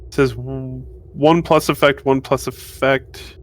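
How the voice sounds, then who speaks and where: Slow, hesitant man at a game table. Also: mid-range voice, steady tone, a little hiss or hum. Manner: hesitant, full of pauses and restarts. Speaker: player.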